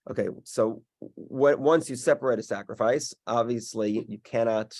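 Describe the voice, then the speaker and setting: Halting male Talmud teacher. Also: medium pitch, darkish tone. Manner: halting, many restarts, explains step by step. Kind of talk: daily Talmud class. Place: in-person class also streamed online.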